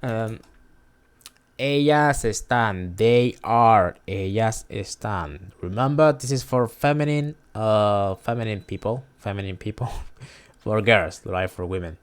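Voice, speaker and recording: A man's voice: fairly low pitch, takes it slowly, clean tone. A man hosting a casual beginner Spanish lesson, hesitant, repeating phrases and correcting himself. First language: not Spanish. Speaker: language video host. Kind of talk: casual screen-share lesson.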